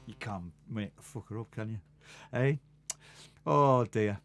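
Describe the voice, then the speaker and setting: A man's voice: fairly low pitch, unhurried, fairly bright tone, soft background music. Chatty older man. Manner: chatty, rambling, laughs at his own stories. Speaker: live stream musician host. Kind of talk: casual storytelling between songs.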